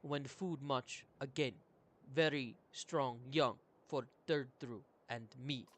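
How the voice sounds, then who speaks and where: A gruff male horse-bodied creature grasps for words one at a time, as a streamer puts him on. His speech is halting and broken, part of a live game read-through. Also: medium pitch, close to an everyday voice. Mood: earnest.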